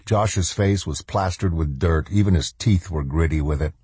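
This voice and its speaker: A man narrating an audiobook in a measured, deliberate storytelling manner. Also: deep voice, a little mellow, slightly rough, no echo. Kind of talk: scripted narration.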